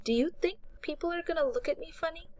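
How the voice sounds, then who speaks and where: A woman's voice: animated, moderate pace, lightly acted. A woman voicing a bubbly, careless young female ghost in an audiobook, with a whiny, chirpy delivery. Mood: defensive. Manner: chirpy, whiny, high and loud. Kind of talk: audiobook character voice.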